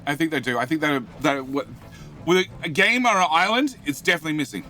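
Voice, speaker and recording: A man's voice: on the high side, animated, quick pace, pushed and bright. A man with an Australian accent chatting casually on a game live stream, rambling, repeating himself and muttering to himself while he plays and answers chat.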